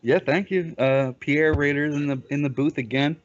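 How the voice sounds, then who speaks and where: A man's voice: on the high side, fairly even intonation, normal speed. Joking man on a gaming stream. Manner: joking, teasing banter. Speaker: league commentator and player. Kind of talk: casual live stream commentary. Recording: dull lo-fi stream audio.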